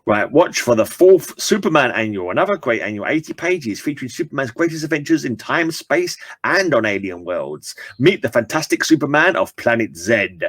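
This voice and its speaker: A man reads an old comic aloud with lively delivery, breaking off for casual asides to his viewers. His voice sits in an ordinary middle pitch. The sound is dry and close, with no room around it. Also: moderate pace, few pauses, no room sound. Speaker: comic book reader and channel host.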